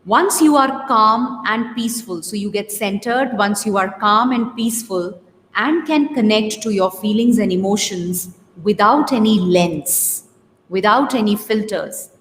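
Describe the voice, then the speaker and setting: A woman's voice: medium pitch, measured pace. A woman giving a live coaching talk, earnest and emphatic, repeating words for stress. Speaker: happiness coach. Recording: echoey room with long reverb and faint noise.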